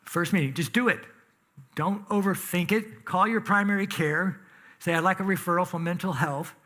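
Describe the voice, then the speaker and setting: A man's voice: high voice, pushed and bright. A man preaching a sermon in a church, talking conversationally and with emphasis, asking the congregation questions. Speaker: pastor. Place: church sanctuary.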